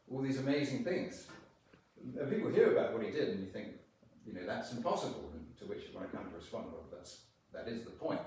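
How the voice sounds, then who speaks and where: A man giving an earnest lunchtime sermon in a church, slowing down to stress quoted lines. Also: fairly low pitch, darkish tone, far from the mic, a little hiss or hum. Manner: earnest, with slow emphatic quotations and pauses. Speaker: preacher. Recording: very echoey church from off-mic.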